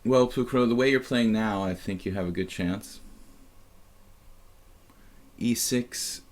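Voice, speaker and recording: A man with a lowish voice talks through a live chess game as he plays. He muses aloud in a halting way, trailing off and starting over, with frequent fillers between thoughts. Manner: musing, halting, many fillers and restarts. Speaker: chess streamer and commentator.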